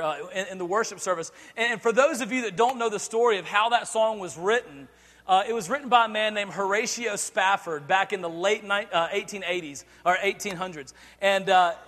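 Male pastor, high bright voice, lively sermon delivery with acted-out bits, echoing church hall. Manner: animated, acts out scenes, laughs often. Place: church sanctuary.

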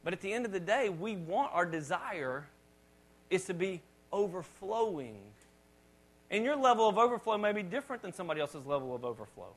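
A pastor preaching a conversational sermon, often restarting and repeating words, with dramatic rises when reading scripture. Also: male voice, sits high, big pitch swings, a little fast.

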